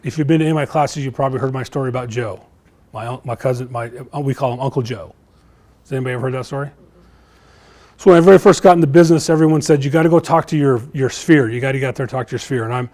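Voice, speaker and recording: A man's voice: medium pitch, a little mellow. Middle-aged guy running a real estate training class, chatty storyteller, trips over his words a bit. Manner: candid, storytelling, repeats himself. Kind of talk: live sales training talk. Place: classroom before a live audience.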